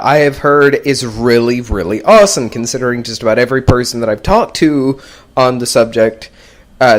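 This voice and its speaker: Rambling young man hosting a podcast. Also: mid-range voice. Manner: rambling, laughs often. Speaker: podcast host. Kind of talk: casual chat.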